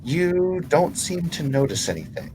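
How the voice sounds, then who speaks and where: A man's voice: a little high, big pitch swings, unhurried, background noise. A man narrating as game master of a tabletop game, in a loose, rambling way.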